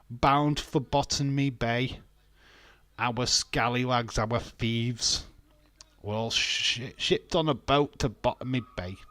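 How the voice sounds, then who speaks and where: A man's voice: medium pitch, bright, forceful tone, no echo. A British man hosting a casual live watch-along, bantering and reading chat comments aloud with frequent laughs. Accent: British English. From England.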